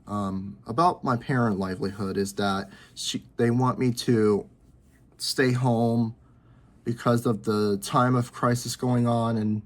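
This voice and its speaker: A man in his early twenties talking to camera from his bedroom, rambling and repeating himself with halting restarts. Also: fairly low pitch. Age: 20s. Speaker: vlogger. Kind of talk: personal talk to camera.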